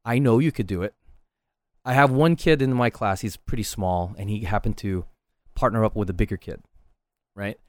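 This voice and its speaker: This middle-aged man, a martial arts instructor, talks casually and earnestly on his own podcast. His voice is fairly low, his speed normal, and he pauses often; there's no room sound. He coaches as he speaks, frequently adding "right?"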